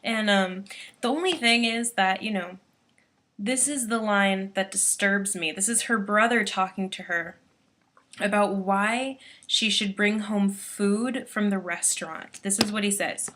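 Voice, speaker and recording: Bright-voiced rambling teenage woman. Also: medium pitch, measured pace. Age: late teens. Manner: rambly, frazzled, full of "like" and "um". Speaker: vlogger. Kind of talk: casual video diary. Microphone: built-in computer webcam mic.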